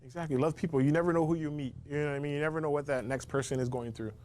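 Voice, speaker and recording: A man's voice: on the high side, fairly even intonation, rapid-fire, darkish tone. A man who runs a food truck, talking earnestly in a casual interview and leaning on "you know". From Hawaii. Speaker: guest, food truck owner.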